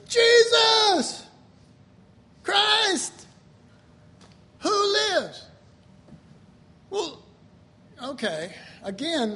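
A man preaching a sermon in an animated way, laughing often and bursting into loud shouts. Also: high voice.

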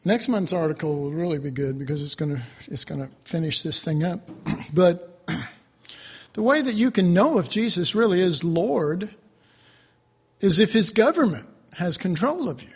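A man preaching a sermon to his class, animated, swinging between loud outbursts and quiet asides. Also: high-pitched, moderate pace, big-room sound. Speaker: preacher teaching a Bible class.

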